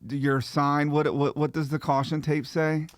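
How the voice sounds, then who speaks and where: A young man co-hosting a venue podcast in an easygoing, agreeable way, laughing often. His voice sits a little high for a man and sounds dry and close to the mic. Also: flat delivery, a little slow, dry recording. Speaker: podcast co-host. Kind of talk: casual chat.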